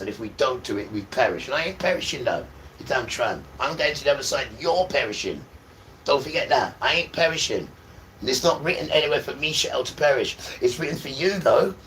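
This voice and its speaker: A man's voice: medium pitch, a bit bright, slight background noise, poor audio. A man, preaching and insulting people on a live stream, repeating his phrases as he goes. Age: 50s. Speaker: livestreamer. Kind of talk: live-stream religious rant.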